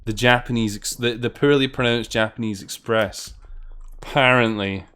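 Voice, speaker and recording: A man's voice: mid-range voice, steady tone, normal speed, a bit bright, smooth. A British man swearing freely and bantering sarcastically with his chat while he plays a game on stream. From Britain. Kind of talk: casual gameplay commentary.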